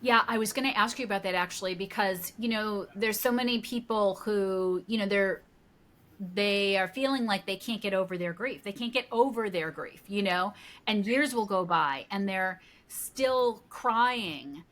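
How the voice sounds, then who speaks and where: A woman's voice: medium pitch, moderate pace, fairly bright tone. A woman hosting an interview, asking curious questions and often hedging with "you know" as she works her way to the point. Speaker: podcast host.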